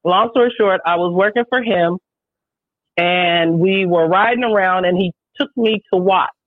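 A woman who works as a show promoter, telling stories in a casual podcast chat, animated, emphatic and heavy on swearing. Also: fairly low pitch, moderate pace, no echo. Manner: profane, animated, emphatic storytelling. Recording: dry, tinny phone-like sound.

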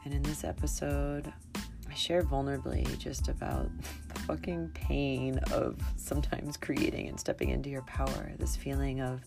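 Gravelly-voiced young woman, tearful and raw. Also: extremely low pitch, normal speed, over music. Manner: emotional, swearing often, many fillers. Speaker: podcast host. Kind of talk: confessional solo podcast. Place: small closet.

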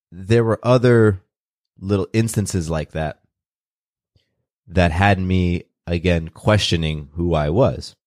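A man with a very low voice speaks in an open, earnest way, taking his time and circling back over his words. The sound is close and dry, with no room around it. He comes across as a guest in a reflective conversation. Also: darkish tone, no echo. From California, USA. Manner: open, earnest, unhurried with restarts. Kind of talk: reflective personal storytelling.

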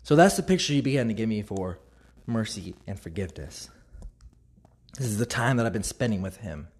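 A man's voice: lowish voice, animated, a little fast, a little mellow, husky. A man speaking candidly and reflectively as a Christian speaker, telling a personal faith story and acting out the dialogue he quotes. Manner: reflective, openly vulnerable.

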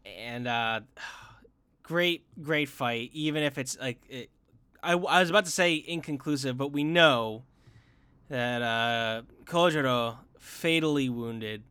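A man chatting about a film he loved, his words tumbling out in restarts and fillers. His voice is bright and clear, picked up dry and close. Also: medium pitch, takes it slowly, no room sound. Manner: excited, rambling with many restarts and fillers. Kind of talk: casual chat reviewing an anime film.

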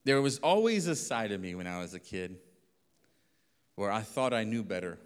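A pastor telling a lively story in a sermon, acting out voices and laughing often. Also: male voice, lowish voice, normal speed, clean tone. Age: adult. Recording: long reverb of a hall.

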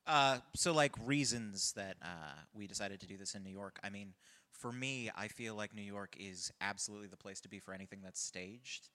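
A man from California in a casual group chat, acting out the people he quotes in a raised voice. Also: moderate pace. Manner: animated, acts out quoted people in a high voice. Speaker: comedy troupe member.

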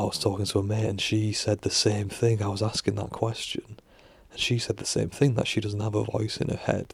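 A man muses aloud in a loose, rambling monologue, circling back on himself and dropping the odd swear word. His voice is deeply gravelly and husky. It sits a little low, and the recording is dry and close. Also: dry recording. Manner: musing, full of fillers and restarts, swears casually. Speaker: vlogger.

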